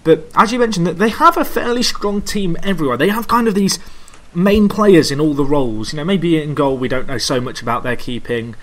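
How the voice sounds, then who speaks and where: A man's voice: on the high side, lively intonation, a bit bright. Man hosting a casual football podcast. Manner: measured, hedging analysis. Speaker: podcast host.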